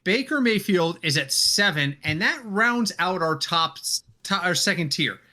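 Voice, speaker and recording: Male podcast host, animated and bright, chatty casual delivery. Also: high voice, unhurried. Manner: animated, leads the discussion with questions. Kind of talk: casual fantasy football chat.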